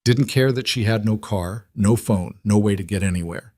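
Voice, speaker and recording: A man narrating a scripted romance story in an even, steady manner. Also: fairly low pitch, moderate pace, no room sound, studio quality.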